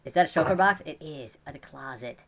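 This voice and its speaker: A woman with a notably low voice chats through a video game at a rapid clip, giggling and reacting as she explores. Crowd noise hums in the background. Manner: chatty, giggly, quick reactions. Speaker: let's play host. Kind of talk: casual game commentary.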